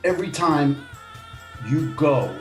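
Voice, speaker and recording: A man's voice: fairly high pitch, animated, takes it slowly, soft background music. A man co-hosting a casual podcast, talking in a playful, teasing way with lots of fillers. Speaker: podcast co-host.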